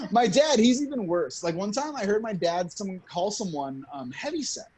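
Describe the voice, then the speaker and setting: A young man performing a stand-up comedy set, loud and chuckling at his own jokes. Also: high-pitched, big pitch swings, measured pace, a little hiss or hum. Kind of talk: stand-up routine.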